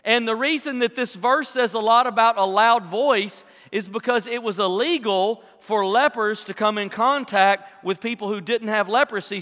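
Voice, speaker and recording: High, bright-voiced preacher in a big hall. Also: male voice. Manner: dramatic, swings between loud acted-out cries and hushed asides. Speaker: pastor. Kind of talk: sermon. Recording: long hall reverb.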